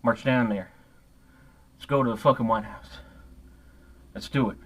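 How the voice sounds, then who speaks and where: A man's voice: mid-range voice, a little slow, slightly rough, poor audio. Man plays ignorant hothead ranting to camera; profane, rambling, self-correcting, everyday mid-range voice. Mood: angry rant. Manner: profane, rambling, stumbling over his own words. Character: hot-headed, ignorant ranting grown man. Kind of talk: comedic character monologue.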